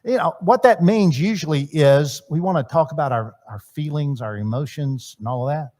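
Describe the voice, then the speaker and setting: A man's voice: a little high, normal speed, mellow. A middle-aged man teaching at a church marriage seminar, talking conversationally and acting out bits of dialogue. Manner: conversational, acts out quoted dialogue, repeats words.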